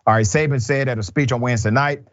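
A man hosting a news commentary show, talking in an animated, emphatic and wry way. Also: medium pitch, fast talker, no echo, muffled recording. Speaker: show host. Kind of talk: casual commentary.

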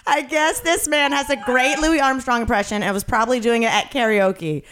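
A woman's voice: fairly high pitch, brisk, fairly bright tone. A woman telling a funny story in casual podcast chat, acting out the voices of the people in it and swearing freely.

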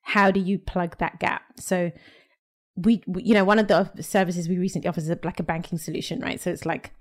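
Low-voiced woman chatting as a guest. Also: flat delivery, brisk. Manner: candid, with frequent fillers and laughs. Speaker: podcast guest. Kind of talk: casual interview chat.

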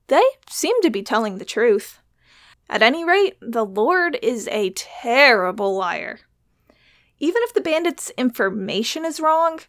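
A woman's voice: high voice, fairly bright tone. A woman narrating an adventure story in first person, wry and playful. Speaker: narrator and player character.

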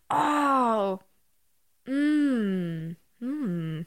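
A woman's voice: high-pitched, very animated, drawn-out words, no room sound, studio quality. A woman from British Columbia in casual chat, telling upbeat stories. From British Columbia, Canada. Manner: chatty, storytelling, upbeat.

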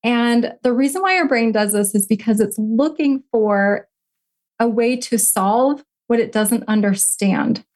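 A middle-aged woman speaking as a podcast guest, her voice sitting a little high. She talks in an earnest, heartfelt way, moving from personal story into gentle coaching advice. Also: unhurried.

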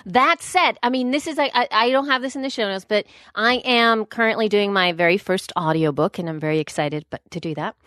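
A woman's voice: medium pitch, a little fast, hardly any pauses, a bit bright, dry recording, clean studio sound. A woman co-hosting a podcast, chatting casually, rambling and correcting herself as she goes. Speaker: podcast co-host. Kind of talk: casual chat.

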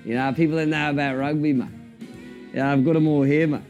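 Brash coach for a comedy sketch, defensive and smug; an impressionist doing the voice. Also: male voice, fairly high pitch, fairly even intonation, fairly quick, darkish tone, dull audio, soft background music, lightly acted. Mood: defiant. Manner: defensive and cocky, tacks "mate" onto everything. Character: brash, touchy older male rugby coach.

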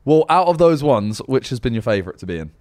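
A man's voice: mid-range voice, very animated, quick pace, a little mellow, slight background noise. A young man co-hosting a podcast in casual chat, steadily asking questions and listing things off. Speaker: podcast co-host.

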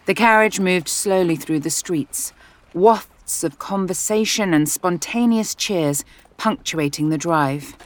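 An audiobook narrator reading a romance novel in an even, measured storytelling voice. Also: medium pitch.

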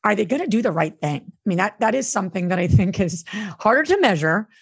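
A woman's voice: medium pitch, very animated, quick pace, creaky, breathy edge, no echo. Candid middle-aged woman telling a story. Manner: candid, storytelling, emotional at times. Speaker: co-host, real estate investor. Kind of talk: casual podcast conversation.

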